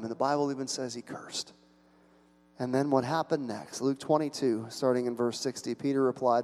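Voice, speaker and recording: Pastor guy preaching, dramatic, loud then hushed, big echoey room. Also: mid-range voice, normal speed. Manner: dramatic storytelling, shifting between loud and hushed. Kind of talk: sermon.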